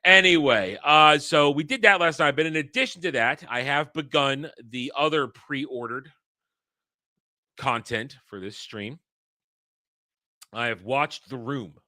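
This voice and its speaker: A man's voice: mid-range voice, a little slow, pushed and bright, no room sound, studio quality. A man hosting his own livestream who talks bluntly and rambles, swears freely and often restarts his sentences. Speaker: livestream host. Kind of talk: casual livestream talk.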